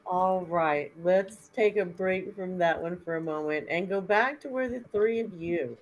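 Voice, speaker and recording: A woman narrating as game master of a tabletop game, setting scenes with wry, unhurried remarks. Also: lowish voice, highs cut off.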